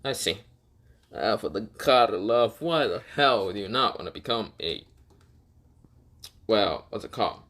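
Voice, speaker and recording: A man voicing a stern male ninja teacher who speaks quietly and with exasperation. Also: on the low side, lively intonation, measured pace, pauses often. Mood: exasperated.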